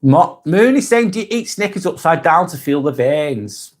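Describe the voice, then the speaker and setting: A man's voice: a little high, big pitch swings, normal speed. A man with a Lancashire accent hosting a casual live stream. He reads viewers' comments aloud and answers each one by name in a plain, direct way. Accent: Lancashire, Northwest England. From Northwest England.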